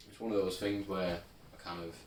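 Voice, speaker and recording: A man's voice: deep voice, flat delivery, brisk. A young man co-hosting a podcast in a laid-back, rambling chat full of fillers. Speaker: podcast co-host. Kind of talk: casual chat. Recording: roomy, distant mic, faint noise.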